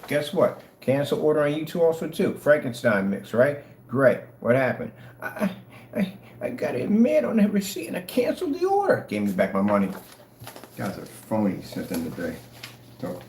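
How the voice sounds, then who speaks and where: Taunting ranting host, swooping animated voice, roomy echo, faint background noise. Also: medium pitch. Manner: taunting, mocking. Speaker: channel host. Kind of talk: casual rant to camera. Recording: echoey room, faint noise.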